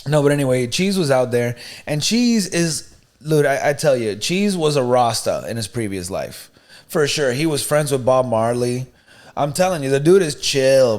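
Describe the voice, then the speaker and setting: A man co-hosting a podcast, telling a story in a casual, animated, slangy way. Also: medium pitch, moderate pace. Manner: animated, slangy, "you know what I mean", "bro". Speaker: podcast co-host.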